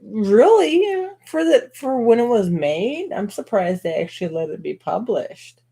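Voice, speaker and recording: A woman co-hosting a casual live stream with a playful, giggly manner. Her voice has a gravelly fry, her pitch swoops lively up and down, and she talks at an unhurried pace. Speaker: co-host.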